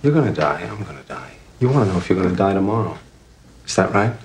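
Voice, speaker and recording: An actor playing an intense male psychic who fires off rapid, probing questions. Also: low voice, big pitch swings. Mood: menacing. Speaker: psychic politician in a film scene. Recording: noisy film soundtrack with clicks.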